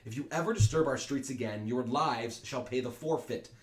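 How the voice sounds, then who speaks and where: A man voicing a stern male ruler rebuking feuding subjects in a slow, commanding proclamation. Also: medium pitch, natural voice. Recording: echoey room.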